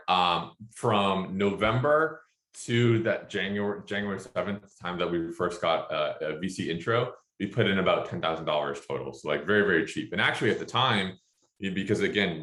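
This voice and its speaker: A man who co-founded a startup, talking casually and with animation, full of quick asides and slang. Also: deep voice, a bit bright, roomy sound. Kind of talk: casual talk, answering questions.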